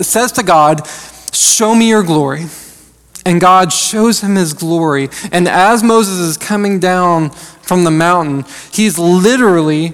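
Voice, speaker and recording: A man in his thirties, an associate pastor, delivering a conversational sermon with frequent fillers. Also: high-pitched. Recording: long hall reverb.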